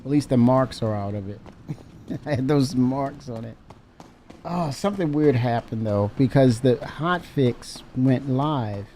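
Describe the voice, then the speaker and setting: Slow, gravelly game streamer. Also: male voice, medium pitch, dark tone, slight background noise. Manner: wry, mock-angry grumbling with self-mocking laughs. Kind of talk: live gameplay commentary.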